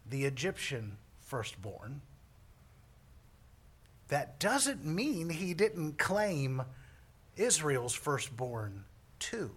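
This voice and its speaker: A man's voice: a little high, a bit bright, husky. A man preaching a sermon as a priest, joking with the congregation between points. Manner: joking, self-deprecating asides to the congregation.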